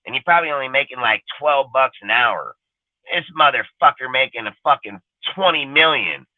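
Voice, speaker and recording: A man's voice: mid-range voice, lively intonation, brisk. A blunt man rants in a casual, profane way, dropping "dude" and "like" all through his talk. His voice comes through thin and phone-like, with a dry sound and no room echo. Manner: blunt, heavy swearing, repeats "dude" and "like". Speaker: podcast co-host.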